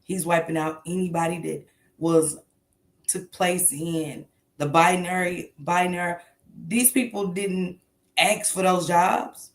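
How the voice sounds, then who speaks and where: New woman ranting on her morning show, gravelly voice, blunt and cussing, echoey room. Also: on the low side, steady tone, takes it slowly. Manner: blunt, emphatic, frequent swearing. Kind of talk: casual commentary livestream.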